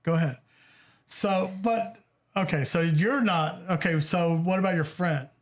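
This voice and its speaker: A man from Ohio with a voice pitched a little high for a man hosts a relaxed podcast chat. He talks in halting bursts, restarts often and swears casually. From Dayton, Ohio. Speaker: podcast host.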